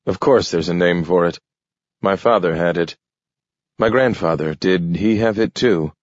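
A man's voice: sits low, measured pace, no room sound. A man playing a fretful, uneasy middle-aged man in a storybook reading, pleading as he talks. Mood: anxious. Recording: dull, dry lo-fi recording.

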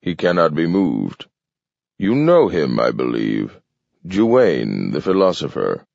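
A man's voice: rumbling low, wildly swooping pitch, slow, vocal fry, darkish tone, dry recording, exaggerated voice. A man reading the part of a grave, gray-haired male doctor who talks in a firm, insistent way. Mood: stern. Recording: dull lo-fi dry recording.

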